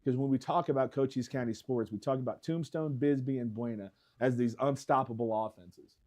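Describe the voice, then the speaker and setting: A man's voice: mid-range voice, a little fast, darkish tone. A man co-hosting a local sports radio show, laid-back and friendly, reading out player stats. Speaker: sports show co-host and broadcaster. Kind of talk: casual sports talk radio.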